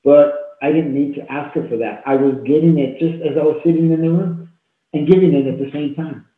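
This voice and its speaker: A man in his fifties, a talk show guest telling a deeply personal story in an earnest, heartfelt way with repeated phrases, over a video call. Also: steady tone, fairly quick. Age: 50s. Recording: tinny phone-like echoey call audio.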